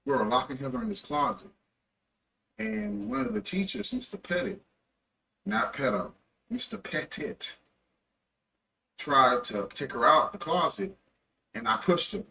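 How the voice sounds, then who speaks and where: Young streamer guy rambling a story, gravelly bright voice, kinda far from the mic, faint background hum. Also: high voice, sing-song, normal speed, long pauses. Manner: rambling, loose, self-correcting. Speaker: livestreamer. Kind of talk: casual storytelling. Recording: distant mic with faint ambient noise.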